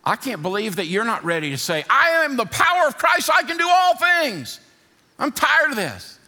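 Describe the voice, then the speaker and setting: A male pastor preaching a sermon in a church, building to fired-up shouting and easing into a softer prayer. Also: extremely high pitch, big pitch swings, moderate pace, long reverb tail. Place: church sanctuary.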